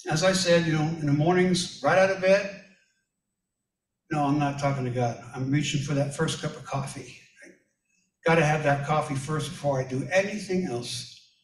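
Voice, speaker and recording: A man preaching a relaxed, story-driven sermon with a fairly high voice. He sounds a little distant from the microphone, and the room around him is echoey and reverberant. His folksy manner sounds like he is chatting with the congregation. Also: normal speed. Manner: folksy, personal anecdotes addressed to listeners. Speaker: pastor.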